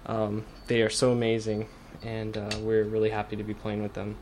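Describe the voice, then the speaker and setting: In a loose radio-studio interview, a young male guitarist and songwriter rambles along, full of fillers and restarts. His voice is lowish and darkish, his delivery completely flat at a normal speed, and faint hiss can be heard behind him.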